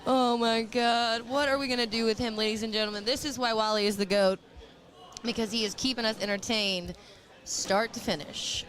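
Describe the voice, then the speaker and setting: A woman's voice: fairly high pitch, fairly even intonation, a bit bright. A woman commentating a cornhole livestream in a chatty, rambling, casual way. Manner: chatty, giggly, quick to ramble.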